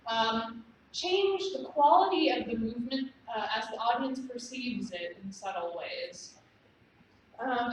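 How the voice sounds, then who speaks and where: A woman with a fairly high voice gently walks students through a belly dance routine, explaining each move and counting out the steps. She sounds set back from the mic, in a room full of bouncing echo. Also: slight background noise. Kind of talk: dance lesson instruction. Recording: very echoey room, distant mic.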